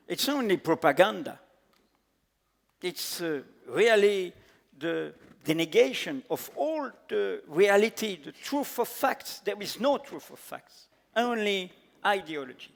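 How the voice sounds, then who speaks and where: A man with a French accent, a native French speaker, giving an earnest, emphatic panel talk in halting English with many fillers. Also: high voice, gravelly, fairly bright tone. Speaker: panel speaker, editor-in-chief. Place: large conference hall. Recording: echoey conference hall.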